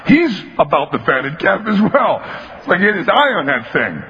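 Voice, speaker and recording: A male pastor delivering a lively sermon, his bright, forceful voice swinging widely in pitch. Long reverb from a church hall hangs after each phrase, and the recording is dull and lo-fi. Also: normal speed, few pauses, slight background noise. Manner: animated, emphatic storytelling, acts out voices.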